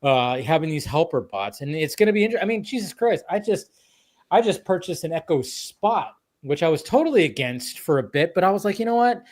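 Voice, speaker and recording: Male podcast host, casual rambling chatter, swears freely, slightly high voice. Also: very animated, fairly quick, darkish tone. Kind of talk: casual chat.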